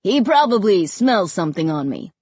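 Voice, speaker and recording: A friendly grown man showing off a house in a storybook reading, smooth and reassuring, as a woman reads him. His voice has a slight breathy edge, and the recording is dry and close. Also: mid-range voice, sing-song, moderate pace, darkish tone, no room sound.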